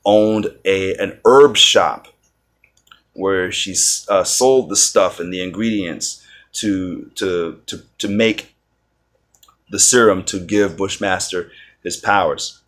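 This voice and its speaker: A man with a low voice talks in an unhurried, rambling way. He stumbles over his words, repeats himself and fills the gaps with "uh" while reviewing casually. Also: fairly bright tone. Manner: rambling, many restarts and fillers. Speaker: video reviewer.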